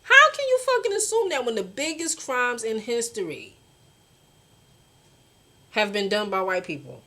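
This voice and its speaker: A woman's voice: on the high side, sing-song, unhurried, long pauses, bright, forceful tone. Fired-up young woman ranting to camera. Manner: passionate, blunt, heavy swearing, addresses viewers as y'all. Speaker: vlogger. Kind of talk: casual vlog rant.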